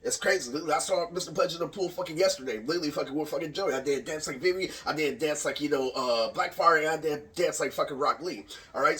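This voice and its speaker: Rambling young man, fast and profane. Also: fairly high pitch, fairly bright tone. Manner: rambling, profane, says "literally" again and again. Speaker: vlogger. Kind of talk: casual storytelling monologue. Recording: voice distant from the mic.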